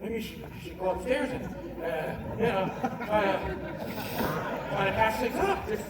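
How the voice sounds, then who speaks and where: A man's voice: high voice, lively intonation, normal speed, heavy background noise. A man imitating his nervous, stammering friend on the phone, hesitantly giving advice. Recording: distant echoey live hall, loud crowd.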